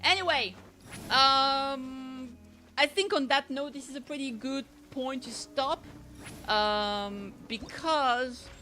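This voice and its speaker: Chatting casually with her stream viewers, a woman from France speaks with a slight French accent in a bright, clear voice on the high side. She rambles, restarts her sentences, and fills the gaps with ums and other fillers.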